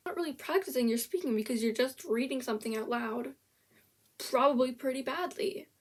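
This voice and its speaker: A young woman with a slightly high voice gives a blunt, sarcastic rant in loose casual commentary. She swears freely and trips over her own sentences as she restarts them. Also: a little fast. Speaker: vlogger reviewing a language app.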